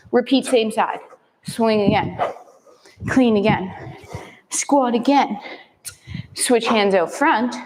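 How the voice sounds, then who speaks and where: A woman's voice: fairly high pitch, a little mellow, in a large hall, rough recording. A woman fitness instructor leading a follow-along kettlebell workout, cueing moves in short upbeat counts.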